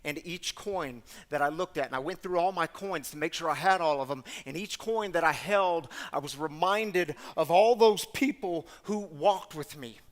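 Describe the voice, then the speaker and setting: A man tells a faith story to a gathered audience, animated and conversational, often turning to address listeners directly. His voice sits high for a man, and a long hall reverb trails behind his words. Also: normal speed, few pauses. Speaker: guest storyteller. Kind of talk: sermon-style storytelling.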